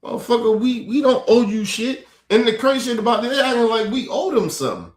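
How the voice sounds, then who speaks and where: A fired-up man rants on his stream in a high voice that swings wildly up and down. His talk is profane and repetitive, and the roomy echo of the space trails each line. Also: animated, fast talker. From United States. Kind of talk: heated commentary rant.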